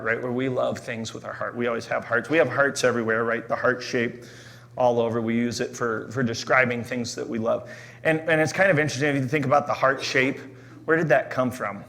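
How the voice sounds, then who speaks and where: A middle-aged pastor delivers a sermon in a loose, conversational way, his creaky mid-range voice carrying a fairly bright tone. He uses lots of fillers, restarts often, and keeps asking "right?".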